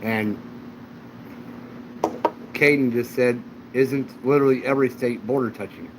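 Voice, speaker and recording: A man of average pitch hosting a relaxed livestream, wandering from one story to the next. He talks in an easygoing, anecdotal way, and a faint hum sits behind him. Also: a little slow. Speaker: channel host. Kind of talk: casual livestream chat.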